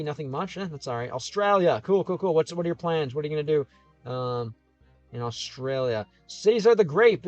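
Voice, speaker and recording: A man's voice: a little high, no echo. Chatty streamer man, dry close mic. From Ohio. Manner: chatty, thinks aloud with many fillers and restarts. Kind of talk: casual livestream chat reading comments.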